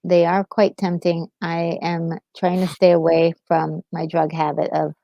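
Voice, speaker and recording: A woman co-hosting a casual livestream chat, talking slowly and laughing often. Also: fairly low pitch, flat delivery, vocal fry, no echo, dull audio.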